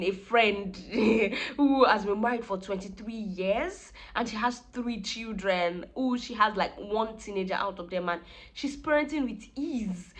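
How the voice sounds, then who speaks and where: Young woman vlogging, earnest heartfelt chat to camera, mid pitch. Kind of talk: casual reflective talk to camera.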